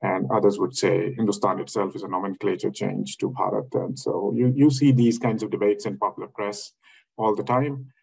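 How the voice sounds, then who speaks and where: A man's voice: lowish voice, steady tone, normal speed, vocal fry, darkish tone, husky, low-quality recording. A man giving a webinar lecture over a video call, thinking aloud with many fillers and restarts. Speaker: academic speaker.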